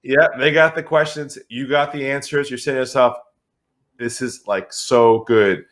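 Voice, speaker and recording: A middle-aged man from California, a guest on an interview podcast, telling a sales story in a lively, animated way. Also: mid-range voice, normal speed. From San Diego, California. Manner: animated storyteller who acts out quoted voices. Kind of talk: conversational storytelling.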